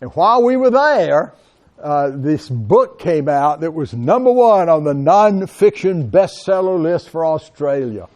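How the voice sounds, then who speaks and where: A man's voice: on the high side, unhurried. A middle-aged man giving a classroom lecture as a college lecturer, talking straight to his students and calling them guys. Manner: animated, addresses students directly as guys.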